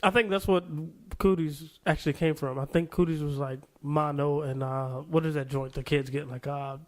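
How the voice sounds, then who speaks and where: Male co-host, slightly high voice, hesitant filler-heavy casual chatter. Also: steady tone, moderate pace. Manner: hesitant, lots of likes, laughs often. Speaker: podcast co-host. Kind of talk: casual comedic chat.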